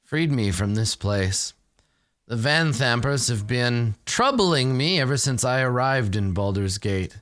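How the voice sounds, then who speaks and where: A man voicing a smooth-talking older male noble who claims piety, speaking in a measured, unctuous way. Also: medium pitch, expressive, fairly bright tone, no echo, studio quality.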